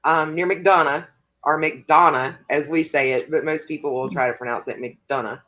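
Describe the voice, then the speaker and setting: A woman from Georgia with a Southern accent and a deep twang, co-hosting a casual live stream and chatting with viewers. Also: fairly quick, a bit bright, highs cut off. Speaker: co-host of a coloring live stream.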